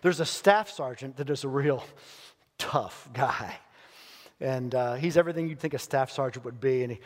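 A pastor preaching a sermon in a church, telling stories earnestly and emphatically with dramatic pauses. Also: male voice, mid-range voice. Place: church sanctuary. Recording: long church hall reverb.

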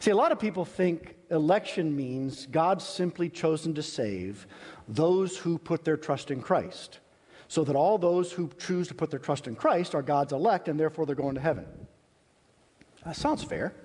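A male pastor preaching a sermon in an earnest, emphatic way, with long pauses. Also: a little high, lively intonation, darkish tone. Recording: reverberant hall.

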